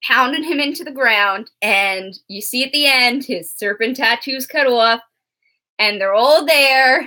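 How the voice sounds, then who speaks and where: A young woman co-hosting a casual TV recap chat, animated and laughing often as she acts out characters. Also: fairly high pitch, measured pace. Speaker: co-host.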